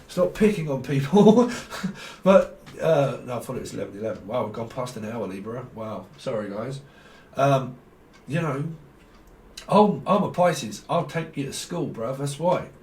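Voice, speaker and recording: A man, a tarot reader talking casually to viewers in a blunt, rambling, teasing way, swearing freely and laughing often. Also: mid-range voice. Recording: echoey room with faint ambient noise.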